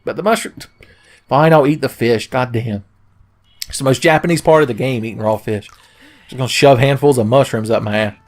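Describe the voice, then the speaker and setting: A man's voice: medium pitch, normal speed, soft background music. A man hosting a let's play, giving profane, sarcastic, joking commentary. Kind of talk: gameplay commentary.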